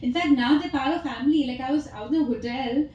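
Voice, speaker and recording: A chatty woman with an Indian English accent answers press questions, telling stories with frequent laughs. Her voice sits a little high. The sound carries the echo of a hall over faint background noise. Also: fast, darkish tone, distant mic, highs cut off. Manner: chatty, storytelling, laughs often. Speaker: actress at a press meet.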